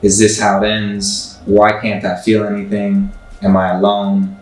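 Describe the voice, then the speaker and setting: Laid-back man, low voice, echoey room. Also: completely flat delivery, unhurried. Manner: laid-back, slangy, swears casually. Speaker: photographer and musician guest. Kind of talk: casual interview storytelling. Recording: echoey room, far from mic, faint music.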